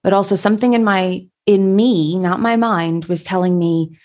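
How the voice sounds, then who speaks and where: A woman telling a personal story in a reflective, conversational way, pausing often with fillers. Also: medium pitch, fairly even intonation, a little mellow.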